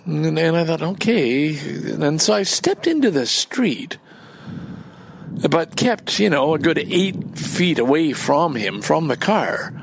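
Gravelly rambling man, profane and indignant. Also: on the high side, very animated, slow pace, slight background noise. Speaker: vlogger. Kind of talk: casual rambling monologue. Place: outdoors in a park.

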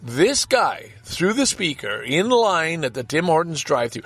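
A man's voice: fairly high pitch, very animated, measured pace, few pauses, fairly bright tone, breathy edge, no room sound, soft background music. An older man telling a rambling, profane story from his parked car, stammering and exasperated. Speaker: podcast host. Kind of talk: rambling personal anecdote.

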